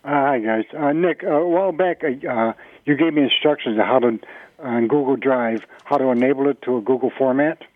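A man's voice: medium pitch, fairly quick, no room sound. A hesitant male caller asks his question over a tinny, dry phone line. His mid-range voice stumbles on uhs as he searches for words. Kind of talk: call-in question.

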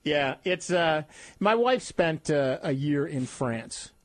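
A man's voice: on the high side, animated, slow, no room sound. A man hosting a radio show, chatting casually and telling rambling, self-mocking stories with frequent laughter. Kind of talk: casual on-air chat. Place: radio studio.

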